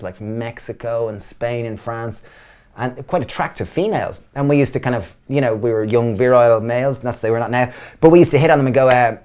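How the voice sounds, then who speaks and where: A quick-talking Irish man in his thirties, chatting as a guest. He rushes through his stories with eager enthusiasm and slips into other people's voices as he tells them. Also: mid-range voice, darkish tone, clear, resonant tone. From Ireland. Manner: enthusiastic storyteller, acts out voices. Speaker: guest, business co-founder. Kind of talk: casual interview chat.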